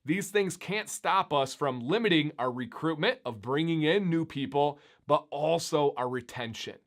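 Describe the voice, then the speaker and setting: Upbeat chatty man, slightly high voice. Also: moderate pace. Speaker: beard YouTuber. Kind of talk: casual vlog talk to camera.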